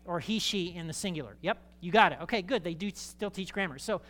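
A man preaching a sermon as a pastor, talking conversationally to the congregation with jokey asides and animated emphasis. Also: sits high, fairly quick, few pauses.

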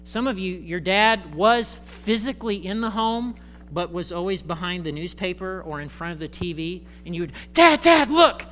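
A male pastor giving a conversational, animated sermon in church, acting out voices. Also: high-pitched, moderate pace.

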